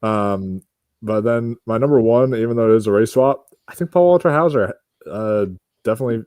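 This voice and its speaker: A man on a casual panel chat, animated and dropping into quick impressions. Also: on the low side, no echo, clean studio sound.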